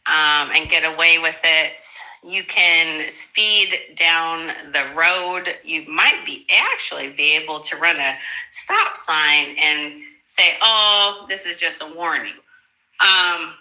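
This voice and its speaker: Woman guest, casual political talk, animated and emphatic, slow delivery, bright edge. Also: deep voice, low-quality recording. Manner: animated, laughing, emphatic with rising bursts. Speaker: guest commentator.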